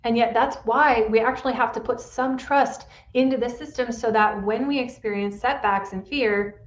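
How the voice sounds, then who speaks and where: A woman's voice: a little high, normal speed, few pauses, echoey room, lo-fi sound. A woman pain specialist hosting a solo podcast, talking in an earnest coaching manner and often checking in with "right?".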